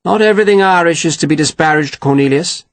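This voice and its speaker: A man's voice: a little high, fast talker, dry recording, voice pushed up, natural voice. A man voicing a genial, evasive colonel who speaks in a grand, placating way.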